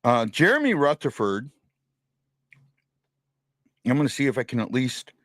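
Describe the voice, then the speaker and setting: A man hosting a casual live-stream sports fan show, talking in a rambling, animated way with frequent restarts. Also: medium pitch, unhurried, no echo.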